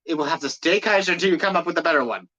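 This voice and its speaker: A player in a tabletop game, talking in a lively, bossy way. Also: medium pitch, rapid-fire, highs cut off. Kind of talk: casual chat in a tabletop game.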